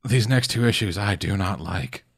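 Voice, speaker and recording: Low-voiced man, cussing podcast co-host talking through a comic late at night, casual. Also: creaky, fairly bright tone, breathy edge. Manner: profane, rambling recap with quick mock voices for characters. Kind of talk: casual chat. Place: home at night, speaking quietly for housemates.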